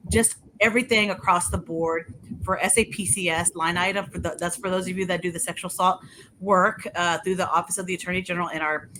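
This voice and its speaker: A woman's voice: fairly low pitch, noisy background. A woman from rural Texas, giving a chatty policy update with apologetic asides. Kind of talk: casual online update talk.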